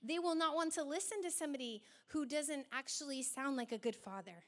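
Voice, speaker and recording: A young woman with a high voice preaches a sermon. She is animated and slips into acted-out quoted voices along the way. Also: a little fast.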